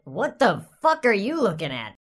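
A woman voicing a tiny, foul-mouthed male fae who is grumpy and indignant, with a squeaky, crude, ranting manner. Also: wildly swooping pitch, moderate pace. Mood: scornful.

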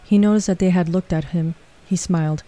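A woman reading a story aloud in a calm, even way. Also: fairly low pitch, brisk. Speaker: narrator. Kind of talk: storybook narration.

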